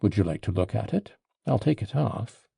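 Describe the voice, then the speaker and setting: A man's voice: fairly low pitch, animated, moderate pace, gravelly, dark tone, slightly rough, no echo, studio quality, exaggerated voice. A man voicing a courteous, formal magistrate.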